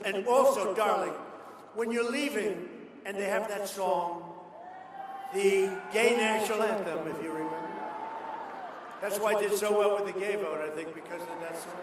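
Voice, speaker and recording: Older male politician, boastful rambling rally talk, highish pitch, big echoey hall heard from afar. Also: fairly even intonation, normal speed. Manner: rambling, boastful storytelling with asides. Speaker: politician giving a speech. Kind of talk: rally speech. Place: large hall at a college. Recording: echoey hall, distant PA mic, noise.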